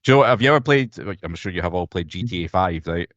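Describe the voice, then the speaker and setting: A man's voice: low-pitched, expressive, fast, fairly bright tone, no echo, lo-fi sound. A young Scottish man co-hosting a casual podcast chat, blunt and sweary, ranting with animation over a video call. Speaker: podcast co-host.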